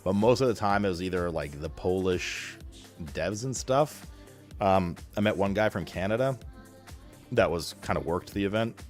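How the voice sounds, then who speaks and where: A man's voice: low voice, animated, moderate pace, darkish tone, faint music behind. A young man chatting casually with his stream viewers, rambling with lots of fillers and slang.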